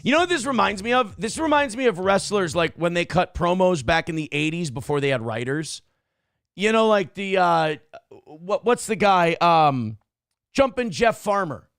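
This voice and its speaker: A man hosting a comedy talk show, reacting to clips with sarcastic, profane commentary and animated storytelling. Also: sits high, normal speed, clean tone, dry recording, studio quality. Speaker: morning show host.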